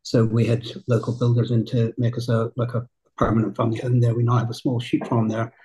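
Man from Northern Ireland, club co-owner, husky timbre, steady measured delivery. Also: medium pitch, poor audio. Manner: measured, thoughtful, uses "right?" and "look". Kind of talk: casual interview chat.

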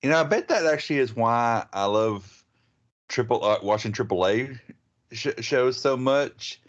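Male co-host, relaxed and rambling, dull lo-fi recording. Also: medium pitch, unhurried. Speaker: podcast co-host. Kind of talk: casual chat.

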